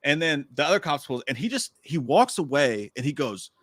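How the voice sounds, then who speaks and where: Man, casual storytelling, animated, bright voice, fast. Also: on the high side, no room sound, clean studio sound. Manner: animated, acts out quotes, swears a lot. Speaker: podcast co-host.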